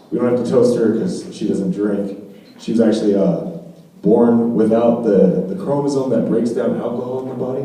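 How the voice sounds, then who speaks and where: Brief: young male stand-up comic, casual and profane, mellow tone, distant echoey club recording. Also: medium pitch, slight background noise. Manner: rambling, profane, peppered with "you know". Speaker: stand-up comedian. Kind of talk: stand-up comedy set. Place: comedy club stage.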